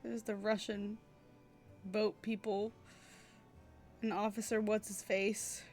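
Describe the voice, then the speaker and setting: A woman's voice: mid-range voice, little pitch movement, slow, a little mellow, soft background music. A young woman streaming a game, chatting casually, gushing and swearing as she reacts.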